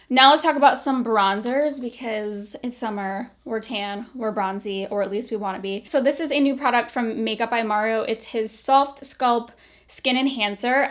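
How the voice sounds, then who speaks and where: A woman with a slightly high voice talks through her favorite products in a chatty, rambling way. She sounds a little out of breath as she goes. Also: fairly bright tone. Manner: chatty, filler-heavy, enthusiastic about products. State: a bit out of breath. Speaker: beauty vlogger. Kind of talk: casual product review.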